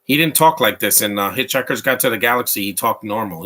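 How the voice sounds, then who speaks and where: A man's voice: on the low side, quick pace, sharp tone. A man giving casual live commentary on a movie, rambling and opinionated as he answers his chat. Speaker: live watch-along commentator.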